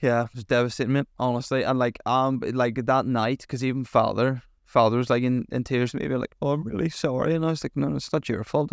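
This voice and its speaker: Young guy rambling thru a story, gravelly but smooth, flat delivery, dry sound. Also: mid-range voice, no room sound. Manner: rambling storyteller, full of fillers and swearing. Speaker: podcast co-host. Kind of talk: casual chat.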